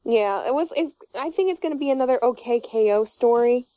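A woman's voice: a little high, animated, a little fast, mellow, no room sound. A young woman chatting casually, telling rambling, giggly stories full of fillers and restarts. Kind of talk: casual chat. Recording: dull muffled audio.

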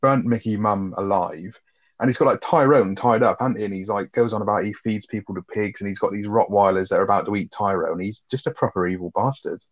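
Low-voiced man, laid-back. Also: fairly quick. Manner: laid-back, swears freely, summarizes plot. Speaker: film review podcast co-host. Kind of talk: casual chat. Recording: dull lo-fi sound.

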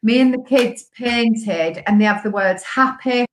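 A woman's voice: fairly high pitch, a little slow, a little hiss or hum. A woman, a guest on a recovery podcast, speaking in an upbeat, emphatic way and repeating words for stress. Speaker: guest, sobriety coach. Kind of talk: casual podcast chat. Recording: echoey room.

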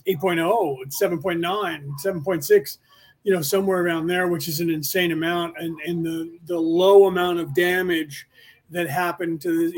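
A man in his forties from California, hosting a podcast in a rambling, casual livestream chat, often restarting and correcting himself mid-sentence. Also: fairly high pitch. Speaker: podcast host.

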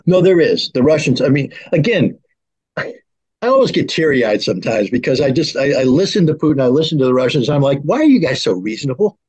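A man's voice: mid-range voice, expressive, brisk, slightly rough, poor audio. A man speaking as an arms control expert, talking heatedly and acting out quoted exchanges between negotiators. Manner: acts out both sides in mock dialogue. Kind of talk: animated political discussion.

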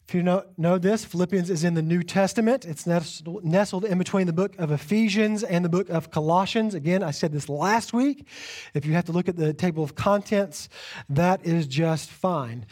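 A young man, a pastor, preaching a sermon with an animated personal story and self-deprecating humor, often repeating his phrases. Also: sits high. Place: church sanctuary.

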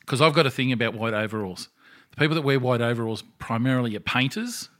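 A man's voice: medium pitch, quick pace. An Australian man co-hosting a podcast, telling stories in casual, sweary chat. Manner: sweary, animated storytelling. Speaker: podcast co-host.

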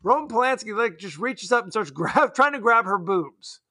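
A man co-hosting a podcast, rambling and joking in casual movie chat, quick to laugh. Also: high voice, expressive, bright, forceful tone, breathy edge. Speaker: podcast co-host.

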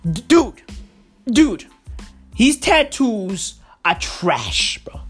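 A woman vlogger in a profane comic rant, hammering her points with constant swearing and "bro." Her voice sits fairly high. Faint music runs underneath. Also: big pitch swings, slow pace, long pauses, slightly rough. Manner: emphatic, heavy swearing, repeated "bro".

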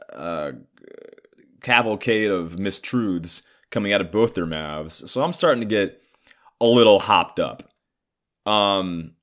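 A man's voice: fairly low pitch, a bit bright. A man in his thirties telling a personal story in a casual, heated and profane way. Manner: profane, heated, acts out others' lines.

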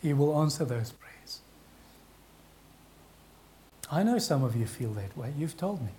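A man, a pastor preaching an earnest, pleading sermon with dramatic pauses. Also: mid-range voice, big pitch swings, dark tone.

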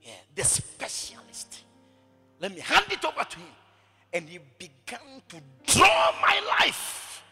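A man preaching a sermon, driving his points home by repeating phrases and swinging from shouting to hushed speech. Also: very high-pitched, wildly swooping pitch, a little slow, gravelly, husky, faint music behind. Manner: emphatic, repeats phrases over and over.

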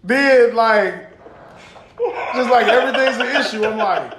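Male podcast co-host with a high voice, laughing and cussing through loose banter in an echoey room. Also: measured pace, background noise. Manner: laughing, profane, animated storytelling. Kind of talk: casual chat.

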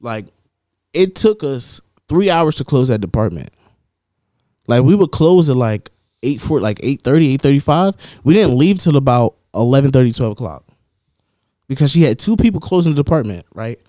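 Young man, podcast co-host, lively storyteller, dry close recording. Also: medium pitch, moderate pace, dry recording. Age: young adult. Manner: animated storytelling, lots of laughing. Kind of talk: casual chat.

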